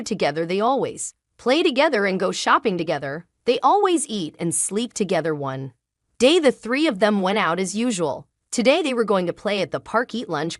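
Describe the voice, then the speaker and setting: A woman telling a first-person family drama story in an emotional way, sometimes halting and repeating herself. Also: medium pitch, no room sound, studio quality. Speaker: narrator.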